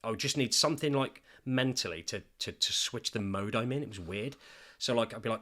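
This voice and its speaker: A man's voice: medium pitch, a little fast, hardly any pauses, sharp tone. A man, a father co-hosting a podcast, telling his story openly and emotionally with some swearing. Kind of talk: candid podcast chat.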